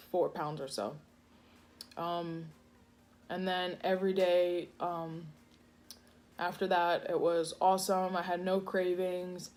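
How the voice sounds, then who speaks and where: A food vlogger with a lowish, slightly mellow voice chats casually while eating in her home kitchen. She rambles through the vlog, full of fillers and restarts.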